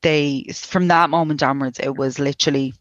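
A woman in her thirties with an Irish accent, telling a painful personal story in a halting way, full of restarts and quoted speech. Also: low voice, steady tone, no room sound, lo-fi sound. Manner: halting, many restarts and likes, quoting others. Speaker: guest sharing a personal story. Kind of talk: emotional personal account.

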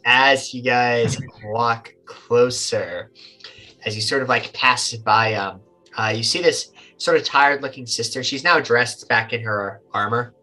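A man narrating a tabletop game as game master, in a relaxed, halting way with many fillers. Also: medium pitch, faint music behind, poor audio.

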